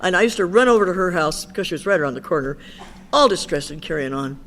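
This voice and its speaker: A woman's voice: lowish voice, lively intonation, fast, a bit bright. An older woman speaking at an Al-Anon meeting, telling her story candidly and chattily, often quoting what others said to her. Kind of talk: personal recovery talk.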